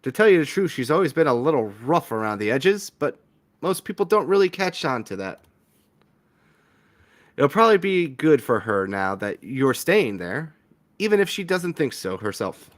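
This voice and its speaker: A man's voice: mid-range voice, very animated, normal speed, natural voice. A man voicing a wry, frank young woman from a small town, talking in a confiding way. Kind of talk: reading a visual novel aloud with voices.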